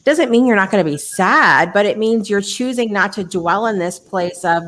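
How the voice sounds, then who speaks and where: A woman's voice: mid-range voice, expressive, normal speed, fairly bright tone. A woman hosting a casual chat show, talking in a reflective way with many restarts. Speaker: host.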